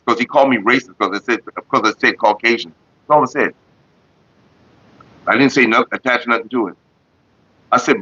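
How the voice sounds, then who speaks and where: A man's voice: mid-range voice, fairly quick, long pauses, bright, forceful tone, slightly rough, no echo. A young man vlogging, retelling an online argument in a casual, profane, laughing way on a dull lo-fi home recording. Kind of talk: casual storytelling.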